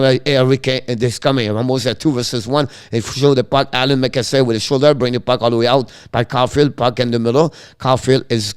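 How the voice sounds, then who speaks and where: A man with as his calling hockey play-by-play on a live stream, in clipped broken English with many fillers, his voice leaping high on shots. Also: clean tone. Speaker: play-by-play commentator.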